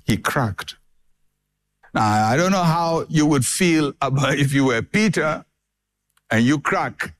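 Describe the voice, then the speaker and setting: Slow, lively high-voiced male preacher. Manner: dramatic, emphatic preaching with repetition. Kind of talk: sermon.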